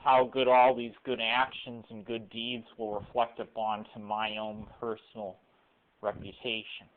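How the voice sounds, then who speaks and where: A young man rambling through a halting personal monologue, recorded on a cell phone camera. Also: fairly low pitch. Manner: halting, full of restarts and fillers. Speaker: vlogger. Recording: weak tinny cell phone audio.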